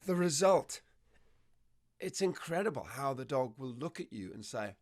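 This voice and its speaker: A man explaining dog behavior as a trainer, telling lively stories and acting out what dogs and owners say. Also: medium pitch, normal speed. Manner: animated storytelling, acts out dog and owner voices. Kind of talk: conversational explanation.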